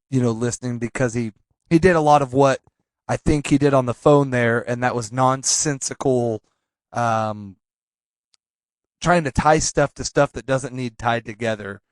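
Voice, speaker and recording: A man hosts a loose comedy podcast and talks sincerely, breaking off and restarting his sentences. His pitch sits mid-range for a man. The recording is dry and close. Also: clean tone, no room sound. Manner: earnest, halting, many restarts. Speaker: podcast host. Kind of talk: casual comedic chat.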